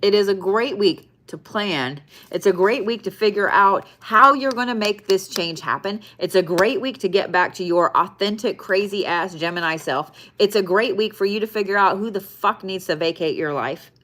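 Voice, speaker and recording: A woman's voice: mid-range voice, normal speed, hardly any pauses, fairly bright tone. A woman giving a casual weekly zodiac card reading. She is blunt, swears often and repeats phrases for emphasis. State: tired, yawning. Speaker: zodiac and tarot reader.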